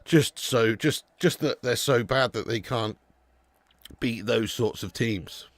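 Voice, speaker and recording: A man's voice: mid-range voice, takes it slowly, no room sound. A young man hosting a live football watch-along, chatting casually and bantering with viewers. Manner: chatty, banter with viewers, jokey put-on accents.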